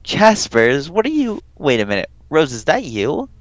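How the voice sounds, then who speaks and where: A man's voice: a little high, huge pitch swings, normal speed, no room sound, low-quality recording. A man casually reading a webcomic aloud in a group, playful and bantering, swearing now and then.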